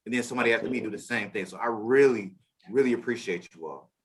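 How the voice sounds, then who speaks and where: A man's voice: lowish voice, quick pace. A man on a real estate panel, speaking earnestly and humbly to his peers. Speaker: realtor panelist. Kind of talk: panel discussion.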